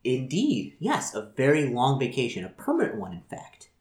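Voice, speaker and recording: A man's voice: medium pitch, huge pitch swings, moderate pace, noisy background. Brief: man playing a woman city boss, profane and scheming, stammers through orders; roomy room sound. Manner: stammering, repeats words, swears. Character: foul-mouthed woman city official, furious and scheming. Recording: roomy echo.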